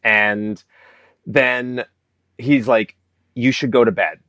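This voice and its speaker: A man from Vancouver, Canada, a guest telling a story in a casual interview, animated and acting out quotes with jumps in pitch. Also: takes it slowly, dry recording. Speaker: guest, business coach.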